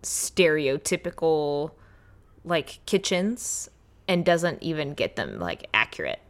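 A professional baker co-hosting a podcast tells stories in casual chat, packing her speech with "like." Her voice is low and very animated, and she talks at a slow pace.

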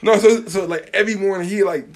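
A man with a lisp, telling stories quickly and rambling in a casual podcast chat. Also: high-pitched, fairly even intonation. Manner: talks with a lisp; rapid rambling storytelling, full of restarts and laughter. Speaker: podcast co-host.

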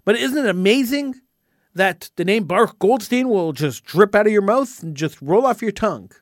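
A man with a high, lively voice holds forth on his talk radio show, indignant and stumbling over repeated words as he builds steam. The sound is dry and close, with no room around it. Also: moderate pace, no echo. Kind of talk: impassioned talk radio monologue.

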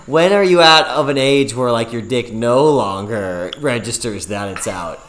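A man's voice: mid-range voice, animated, measured pace, a bit bright, soft background music. A man hosting a podcast and teasing his guest in playful, casual chat. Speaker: podcast host.

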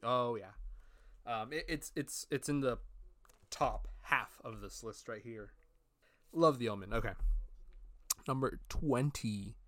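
A man co-hosting a casual podcast, chatting in a relaxed, agreeable way and often saying "alrighty.". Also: medium pitch, slow, pauses often, dry recording. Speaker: podcast co-host. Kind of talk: casual chat.

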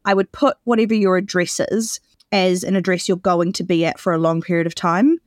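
A woman's voice: lowish voice, fairly even intonation, a little fast, dry recording, clean studio sound. A woman co-hosting a podcast in casual chat, explaining things at length and laughing often. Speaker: podcast co-host.

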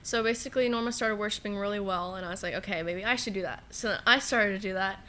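Bright-voiced teenage girl telling a story. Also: mid-range voice, quick pace. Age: teens. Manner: chatty storytelling, many fillers, acts out quotes. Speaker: guest. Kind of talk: casual testimony chat.

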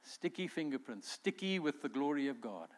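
A man's voice: mid-range voice, sing-song, moderate pace. Earnest male pastor preaching. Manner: earnest preaching with acted-out quotes. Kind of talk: sermon.

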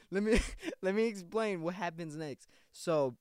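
A man's voice: high voice, measured pace, a little mellow, clean tone, no echo, clean studio sound. A young man hosting a podcast, telling a story in a rambling, slangy, profane way, full of restarts. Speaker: podcast host. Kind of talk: casual storytelling.

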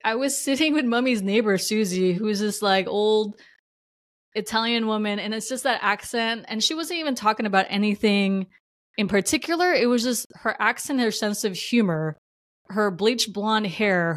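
With a mid-range voice at normal speed, the New Jersey woman on her own podcast muses loosely and warmly, full of fillers and frequent laughs. It's a dry, clean studio recording.

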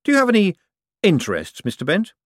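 A man's voice: high voice, wildly swooping pitch, fast talker, no echo, studio quality, voice pushed up, full character voice. Man playing a glib con man. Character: quick-witted, smooth-talking young male con man.

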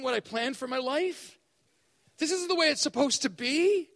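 A man preaching a sermon at a spiritual event, animated and acting out voices to make his points. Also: extremely high pitch, moderate pace, creaky, pauses often, long reverb tail. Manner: animated, acts out voices for effect. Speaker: speaker at spiritual emphasis days.

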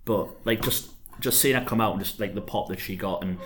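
A man's voice: on the low side, brisk, a little hiss or hum. A man co-hosting a podcast, jokey and sweary. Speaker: podcast co-host. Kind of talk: casual chat about wrestling.

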